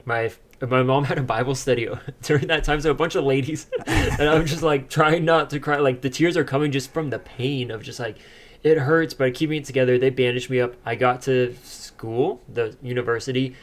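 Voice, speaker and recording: Young man, podcast co-host, casual chat, animated storyteller, mid-pitched voice. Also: normal speed. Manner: animated storytelling, laughs often.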